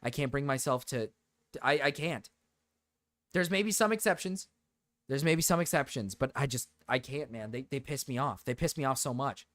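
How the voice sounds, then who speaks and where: A man's voice: mid-range voice, moderate pace, fairly bright tone, no room sound. A man streaming, rambling through joking rants with lots of repetition and swearing. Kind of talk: casual live-stream chat.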